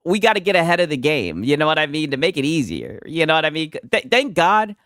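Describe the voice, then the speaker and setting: A man's voice: a little high, sing-song, fast talker, fairly bright tone, dry recording, clean studio sound. A man hosting a casual gaming news stream, talking loosely and profanely and laughing often as he reacts to posts. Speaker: livestream host.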